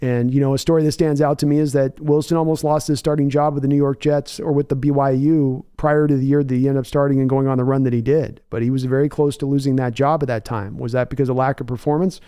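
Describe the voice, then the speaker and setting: A man's voice: mid-range voice, flat delivery, quick pace, hardly any pauses, dark tone, smooth, no room sound, studio quality. A man hosting a live sports reaction stream, reading chat messages and rambling thoughtfully with many restarts. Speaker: livestream host.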